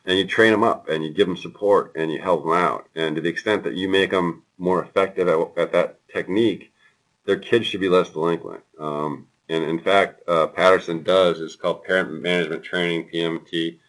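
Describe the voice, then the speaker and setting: A man lecturing a class in a relaxed, chatty way, with many fillers and personal stories. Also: low voice, normal speed, low-quality recording. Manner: relaxed and chatty, lots of ums and anecdotes. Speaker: university lecturer.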